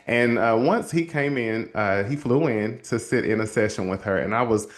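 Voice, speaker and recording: A man hosting a show and telling a story from his counseling work in a lively, casual way, calling his listeners y'all. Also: mid-range voice, moderate pace. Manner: animated, addresses listeners as y'all, acts out quotes. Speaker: host and counselor.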